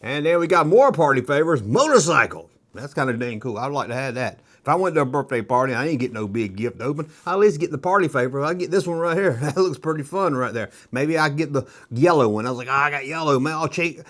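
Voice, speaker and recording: A middle-aged man hosting a nostalgia toy video, rambling casually and joking, slipping into quick kid impressions. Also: medium pitch, expressive, a bit bright. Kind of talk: casual rambling show-and-tell commentary.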